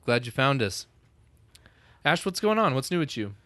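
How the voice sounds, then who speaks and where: A man's voice: medium pitch, big pitch swings, moderate pace, fairly bright tone, no echo. A man co-hosting a podcast with his wife, chatting casually, joking and swearing freely. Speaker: podcast co-host. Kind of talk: casual chat.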